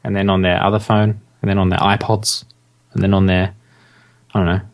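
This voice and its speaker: A man's voice: low-pitched, flat delivery, a little fast. A man co-hosting a podcast in casual chat, sarcastic and giggly, with the odd swear word. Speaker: podcast co-host.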